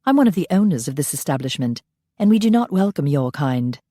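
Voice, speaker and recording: A woman reads as a haughty vampire club owner with a snooty British accent, looking down on everyone. Her delivery is crisp and superior in a dry audiobook reading. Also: low-pitched, big pitch swings, a little fast, warm tone, no room sound.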